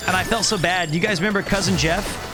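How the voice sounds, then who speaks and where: A man's voice: sits high, fast. Chatty man over game music. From Kansas City, US. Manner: chatty, joking, rambling. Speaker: streamer. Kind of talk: casual gameplay commentary.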